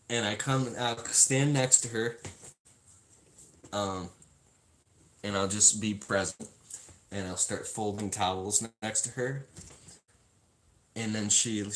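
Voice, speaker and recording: A man's voice: on the low side, a bit bright, low-quality recording. A man reading from a self-help book to his viewers, then drifting into a rambling, self-mocking story with lots of swearing. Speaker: self-help video host. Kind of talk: casual reading and storytelling to camera.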